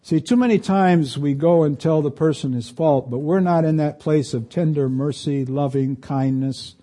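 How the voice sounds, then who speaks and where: A middle-aged man preaches to his congregation in an easy, conversational way, reading scripture aloud and pushing his voice up when he wants to stress a point. His voice sits a little high for a man, with a mellow, warm tone. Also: moderate pace, hardly any pauses. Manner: conversational preaching, reads scripture aloud, rises in pitch for emphasis. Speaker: pastor. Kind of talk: sermon.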